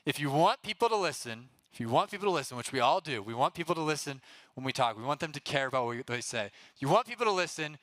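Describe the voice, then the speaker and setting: A young man preaching to a youth group in a casual, energetic way, often checking in with the room and getting them to call out answers. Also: a little high, quick pace, dry recording. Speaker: youth pastor.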